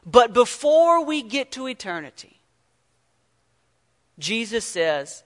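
A man preaching an earnest sermon, telling stories and swinging from loud emphasis to near-whisper. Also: extremely high pitch, sing-song, takes it slowly, pauses often, in a large hall. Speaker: pastor.

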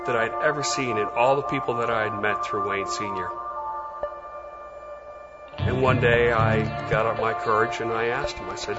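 A man giving a personal faith testimony, telling it in a lively way with quoted dialogue. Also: medium pitch. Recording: lo-fi with loud background music.

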